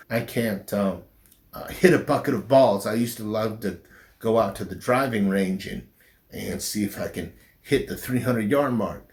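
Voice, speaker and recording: A middle-aged man, a pastor, speaking slowly and haltingly in an interview, with a slight southern drawl since his stroke. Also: on the low side. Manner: slow, halting speech with restarts after a stroke. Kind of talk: personal interview.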